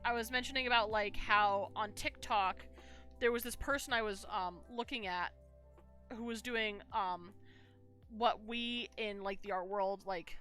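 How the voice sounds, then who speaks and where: This young woman streams as she draws, rambling through casual chat with plenty of fillers and false starts. She speaks unhurriedly in a mid-range, fairly bright voice over soft background music.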